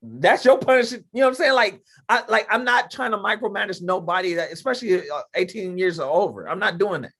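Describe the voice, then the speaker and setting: A man's voice: sits high, fast, few pauses, fairly bright tone. Emphatic man hosting a call-in chat. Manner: emphatic, conversational, lots of fillers. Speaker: podcast host. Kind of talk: casual faith-based talk on a video call. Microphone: video call.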